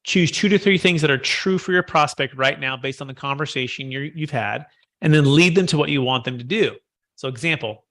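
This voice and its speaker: Bright-voiced male sales trainer. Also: fairly high pitch, moderate pace. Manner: coaching, asks trainees questions, repeats key phrases. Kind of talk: live training session.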